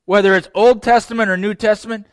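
A man preaching a sermon, retelling a scripture story with lively acted-out lines and direct asides to his listeners. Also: high voice, fast talker, smooth, dry recording, clean studio sound. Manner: animated storytelling, acts out voices; direct address to young men. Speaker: pastor.

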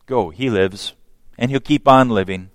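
A man's voice: medium pitch, unhurried, no echo. A man preaching a sermon who acts out scripture dialogue, raising his voice for the quoted characters.

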